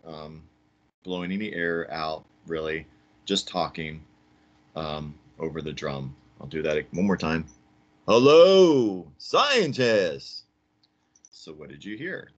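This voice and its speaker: A man's voice: very deep voice, a bit bright. A man teaching a science lesson for kids in a chatty, upbeat, demonstrating way.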